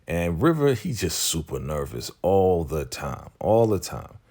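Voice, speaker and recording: Deep-voiced man recapping a TV episode. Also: very animated, unhurried, a little mellow. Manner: loose, slangy, acting out characters' lines. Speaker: TV recap YouTuber.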